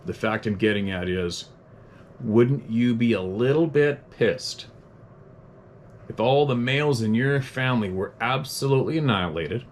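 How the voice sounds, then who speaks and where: A man with a fairly low voice hosts an unscripted podcast, ranting bluntly and cursing freely. Between his tirades he chuckles at himself and reads out listener letters, with a faint hum of ambience behind him. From Canada. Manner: blunt, profane, heated ranting; self-deprecating chuckles.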